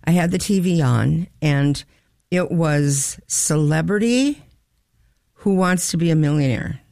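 A woman's voice: deep voice, expressive, measured pace, creaky, mellow, dry recording, clean studio sound. A woman co-hosting a casual radio-style chat, telling rambling stories. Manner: rambling, chatty storyteller. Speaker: co-host.

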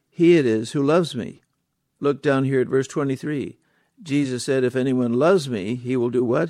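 A man's voice: mid-range voice, darkish tone, no room sound, studio quality. A man preaching a sermon, stressing points with repeated words and rhetorical questions.

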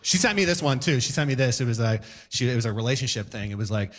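A man performing a stand-up comedy set, animated and breaking into sudden loud outbursts as he acts out scenes. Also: medium pitch, fast. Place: comedy club stage before a live audience.

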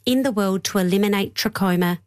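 A woman hosting a radio health show, explaining news clearly and laughing easily. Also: medium pitch, a little fast, a little mellow. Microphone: studio mic.

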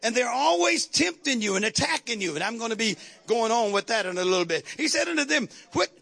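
A man preaching a sermon to his congregation, calling out to the crowd and shouting at the peaks. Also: very high-pitched, expressive, fairly quick, gravelly. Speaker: pastor. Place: church sanctuary.

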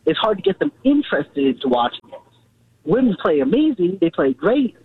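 Male caller, lively pitch, phone-thin sound, keeps circling back to his point. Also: a little fast. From California. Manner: earnest, repeats himself, restarts. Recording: tinny phone line.

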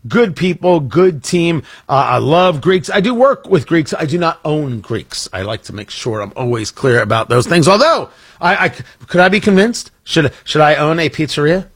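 Male morning radio host, rambling and jokey, slightly husky, dry studio sound. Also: on the high side, expressive, moderate pace, fairly bright tone, no room sound. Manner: rambling, self-interrupting, jokey. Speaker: radio talk show host. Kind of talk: casual on-air chat and promo. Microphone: studio microphone.

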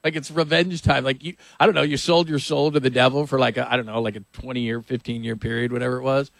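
A man's voice: medium pitch, fairly even intonation, vocal fry, a bit bright, no room sound. A man hosting a sports radio show, talking loosely and laughing often in casual chat. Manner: loose, rambling, quick to laugh.

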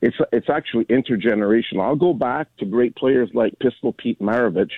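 A man in his sixties calling in to a sports talk show, rambling with halting restarts. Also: mid-range voice, no room sound. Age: 60s. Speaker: caller. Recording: tinny phone line.

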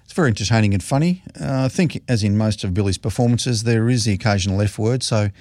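A man's voice: on the low side, quick pace, a little mellow, dry recording. A man hosting a local radio show, introducing a clip in a chatty, hesitant way. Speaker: community radio host. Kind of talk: casual radio presenting.

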